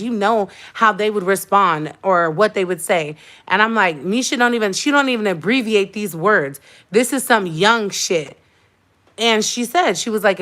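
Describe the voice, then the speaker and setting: A young woman vlogger chats casually with her livestream viewers in a mid-range, fairly bright voice. She tells what happened with heated emphasis, circling back to repeat her points so they land.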